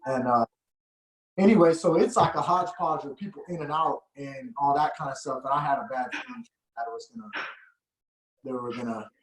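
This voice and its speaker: High-voiced man chatting in an echoey room. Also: lively intonation, fairly quick. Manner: rambling storyteller, laughs often. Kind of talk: casual podcast chat.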